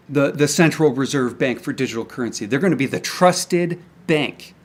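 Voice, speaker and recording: A young man angrily ranting to camera about markets, swearing often and stumbling over restarts. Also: fairly high pitch. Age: young adult. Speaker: independent crypto commentator. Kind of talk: angry solo rant to camera. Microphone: camera mic.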